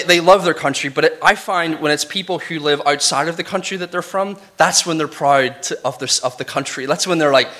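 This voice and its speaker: Bright-toned Northern Irish preacher. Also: male voice, a little high. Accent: Northern Irish, softened. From Northern Ireland. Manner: conversational, chatty, with restarts and asides. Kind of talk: casual Bible teaching sermon.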